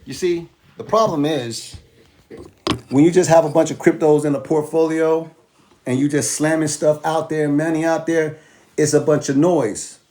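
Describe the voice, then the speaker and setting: A man's voice: a little high, warm tone. A man teaching crypto trading in casual, emphatic, repetitive speech, using slang and selling his course. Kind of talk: casual teaching demo with music.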